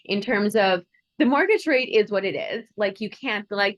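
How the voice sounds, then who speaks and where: A woman's voice: mid-range voice, expressive, normal speed, dull audio. A woman hosts a casual podcast interview with a bubbly, chatty energy. She laughs easily and slips into playful acted-out quotes as she talks. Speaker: podcast host.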